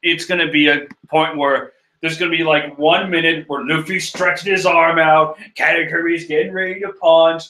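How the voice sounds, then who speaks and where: A bright, forceful man's voice, pitched a touch high, talks over a screen-shared manga chapter. He rambles, swears, laughs at himself and gets excited about the big moments. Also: normal speed, hardly any pauses. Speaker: manga chapter reader and reactor. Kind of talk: casual rambling commentary.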